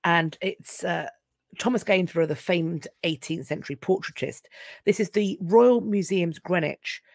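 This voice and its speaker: London lady rambling on a history livestream, wry and chatty, lowish voice, dead dry room. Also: measured pace, creaky, a little mellow, dry recording. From England. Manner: chatty, wry and self-interrupting. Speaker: history channel host. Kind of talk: casual live-stream chat.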